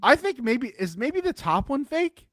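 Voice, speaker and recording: A man's voice: very high-pitched, big pitch swings, a little slow, fairly bright tone, dry recording, clean studio sound. A man co-hosting a sports podcast, chatting casually with a Philadelphia accent, hedging and laughing easily. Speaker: podcast co-host.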